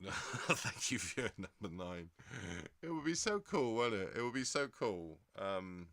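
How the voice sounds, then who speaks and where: A man's voice: lowish voice, big pitch swings, measured pace, bright, forceful tone, no echo, studio quality. An English man hosting a stream in a casual, rambling way, reading out viewer comments and laughing often. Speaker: livestream host.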